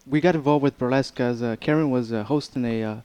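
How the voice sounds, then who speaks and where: A man's voice: medium pitch, quick pace, a little mellow, smooth, no room sound, highs cut off. A man being interviewed as a photographer, talking in hesitant, filler-heavy stretches. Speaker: guest photographer. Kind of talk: casual interview chat.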